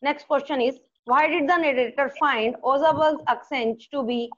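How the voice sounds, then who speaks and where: A woman teacher with an Indian accent who repeats each question, explains slowly and slips into Hindi. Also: high-pitched, a bit bright, highs cut off. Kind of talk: online class lesson.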